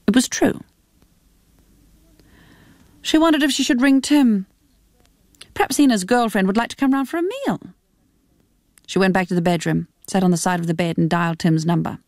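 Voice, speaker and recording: A woman reading a novel aloud on radio in an expressive, animated storytelling manner. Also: mid-range voice, dry recording, studio quality. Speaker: reader.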